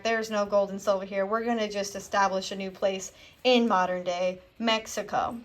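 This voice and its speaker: A woman's voice: on the high side, a bit bright. A young woman teacher giving a casual history lesson from home, acting out historical figures in a jokey voice. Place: home, with a dog nearby.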